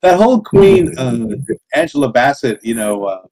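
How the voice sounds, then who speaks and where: A man co-hosting a podcast, talking in a halting way full of fillers. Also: a little high, sing-song, creaky, a crowd in the background, rough recording. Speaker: podcast co-host. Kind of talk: casual interview chat.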